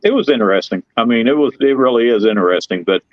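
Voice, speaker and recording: A middle-aged man, telling rambling, excitable stories in casual chat. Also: mid-range voice, quick pace, no room sound, highs cut off. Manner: folksy, rambling, excitable storyteller. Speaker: guest telling paranormal stories.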